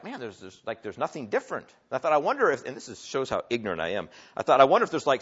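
A man preaching a sermon, telling a story with big swings from quiet asides to loud, excited lines. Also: on the high side, husky. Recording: dull lo-fi sound.

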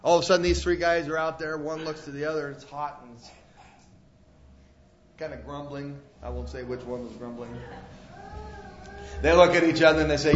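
Folksy preacher with a raised voice. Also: male voice, on the high side, fairly even intonation, brisk, pauses often, a little hiss or hum. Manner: folksy, storytelling, emphatic. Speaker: pastor. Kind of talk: sermon. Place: church before a congregation. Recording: dull lo-fi sermon recording.

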